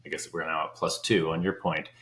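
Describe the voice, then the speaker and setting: A man's voice: a bass voice, flat delivery, a little fast, a bit bright. A man speaking as a guest on a business podcast, reflective and searching for his words in loose phrases. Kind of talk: casual podcast conversation. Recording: roomy echo.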